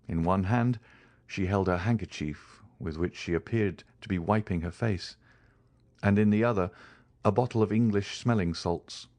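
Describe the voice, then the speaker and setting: Low-voiced male audiobook narrator. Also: a little mellow, dry recording. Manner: measured, dramatic reading. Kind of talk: scripted narration.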